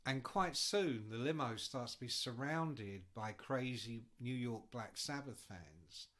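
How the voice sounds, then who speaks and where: A man's voice: medium pitch, animated, slow, fairly bright tone. A man telling rambling road anecdotes in casual chat, swearing freely as a podcast guest.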